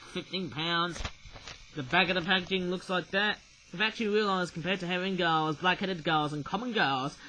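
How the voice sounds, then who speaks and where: Man, high voice, casual toy review, rambling, lots of fillers, faint background hiss. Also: a bit bright, rough recording. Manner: rambling, tags remarks with "I suppose, eh?"; hesitant, many fillers and restarts.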